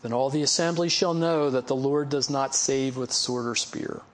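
In a mid-range voice at normal speed, a male pastor preaches a laid-back, story-filled sermon. He teaches from a Bible passage in a folksy, conversational style, with chuckles and laughter at his own anecdotes.

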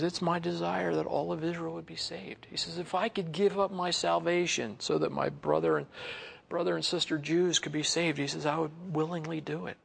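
Middle-aged male pastor, slightly high, gravelly voice, relaxed verse-by-verse Bible teaching with chatty asides. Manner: conversational, reads scripture then explains it with chuckles and asides.

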